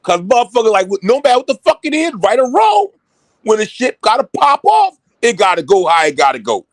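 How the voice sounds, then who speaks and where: Man, excitable and loud, rather high voice, dry close sound, swearing freely. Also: fairly quick, dry recording. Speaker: show regular. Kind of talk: casual chat.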